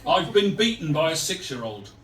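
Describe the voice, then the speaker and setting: A man with a fairly high voice reads his own poems to a live crowd, wry and self-mocking. He sounds a little far from the mic in an echoey room, with a faint room murmur behind him. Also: big pitch swings, moderate pace, a bit bright. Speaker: performance poet. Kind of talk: live poetry reading with banter. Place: live venue with audience.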